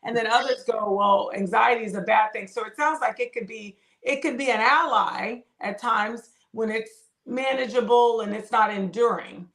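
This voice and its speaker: A woman's voice: a little high, normal speed, a bit bright. A woman hosting an interview, affirming her guest with short replies and reflecting on the points raised. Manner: supportive, frequent short affirmations. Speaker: host. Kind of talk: interview chat. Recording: echoey room.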